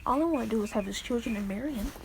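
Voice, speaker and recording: Woman doing a teasing girl, playful, highish and a bit gravelly. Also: very fast, background noise.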